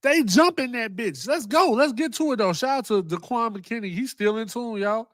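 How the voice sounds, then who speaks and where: A man hosting a casual commentary vlog, excitable and profane, often repeating himself. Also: very high-pitched, normal speed. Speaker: host.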